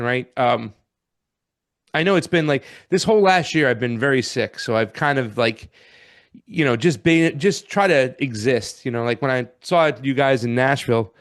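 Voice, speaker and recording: A man in casual podcast chat who talks in a rambling, reflective way. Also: mid-range voice. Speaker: podcast co-host.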